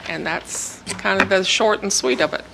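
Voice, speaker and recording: A woman's voice: mid-range voice, normal speed, vocal fry, background noise. A woman presenting a project timeline at a city meeting, hesitant and explanatory. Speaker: staff presenter.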